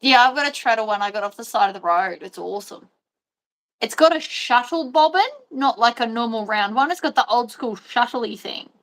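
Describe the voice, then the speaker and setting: Chatty bright-voiced woman sewing. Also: a little high, lively intonation, brisk. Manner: chatty, rambling, slangy. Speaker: sewing host. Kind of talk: casual chat while sewing.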